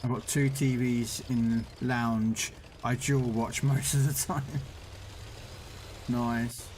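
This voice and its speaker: A man talks loosely over his gameplay, mid-pitched and easygoing. He rambles through little stories and often laughs at them himself. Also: flat delivery, slow pace, a little mellow, slight background noise. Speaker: game streamer. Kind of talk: casual gameplay commentary.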